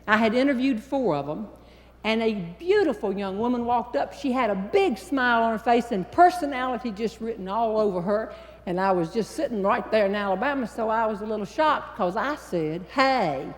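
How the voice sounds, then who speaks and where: A woman with a Southern American accent, a humorist telling a story to a live audience, with a folksy, drawn-out delivery and deliberate pauses. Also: fairly high pitch, animated. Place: large hall before a live audience. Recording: long reverb in a large hall.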